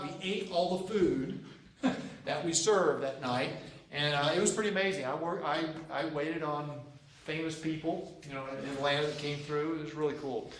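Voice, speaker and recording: A faint hiss or hum sits under a roomy recording of a man whose voice is on the high side and a bit bright. In his fifties, he teaches JROTC cadets in a folksy, repetitive classroom lecture, acting out dialogue within his anecdotes.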